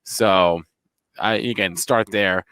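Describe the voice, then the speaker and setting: A man with a New Jersey accent co-hosting a market show, rattling off ticker symbols quickly and restarting his words. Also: deep voice, bright, forceful tone, smooth, dry recording. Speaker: co-host, trader. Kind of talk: fast market talk show chat.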